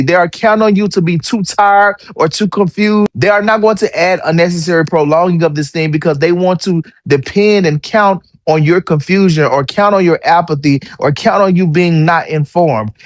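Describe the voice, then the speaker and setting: A man delivers heated political commentary in a fairly high voice. He talks bluntly and swears without holding back, recorded close and dry. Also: no echo. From Tennessee.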